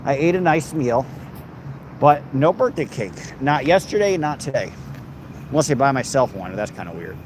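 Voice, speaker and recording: Outdoors amid background noise, a livestream host reads comments aloud and makes crude jokes with a mock-threatening edge. His mid-range voice is very animated, and he speaks at a normal pace.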